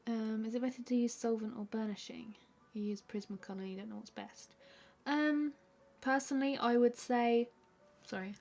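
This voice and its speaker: A woman, an artist hosting a live stream, chatting casually and answering viewer questions with a relaxed, rambling manner full of fillers. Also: on the high side, normal speed, hardly any pauses. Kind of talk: casual chat while drawing.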